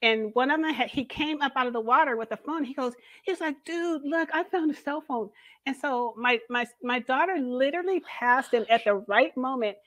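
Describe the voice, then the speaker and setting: A middle-aged woman, a podcast guest, telling a story in a lively, laughing way. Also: high-pitched, a little fast, hardly any pauses, dry recording. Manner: animated, laughing storyteller who acts out the voices of others. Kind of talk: casual storytelling in an interview.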